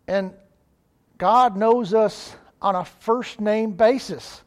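Male preacher, sermon delivery, earnest, slows for emphasis, fairly high voice. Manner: earnest, rising in emphasis, slows on key phrases.

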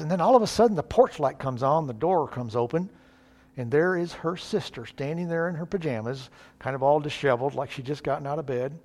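A man's voice: fairly high pitch, a little fast, darkish tone. A male preacher, giving an earnest, folksy sermon.

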